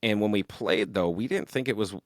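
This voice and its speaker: A young man with a very low voice tells long, rambling stories about his band in a casual podcast chat. He talks animatedly and swears often. The sound is dry and close, with no room echo. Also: brisk. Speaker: musician guest.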